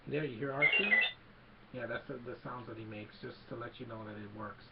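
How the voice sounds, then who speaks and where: A man's voice: mid-range voice, steady tone, fairly quick, vocal fry, very noisy. A man giving a casual, rambling film recap, retelling scenes and quoting lines, on a slightly dull lo-fi home recording. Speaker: movie reviewer.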